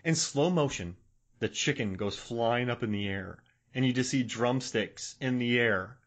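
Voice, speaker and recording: A man co-hosting a podcast in casual chat, excitable, laughing often and acting out sound effects. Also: medium pitch, unhurried. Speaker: podcast co-host.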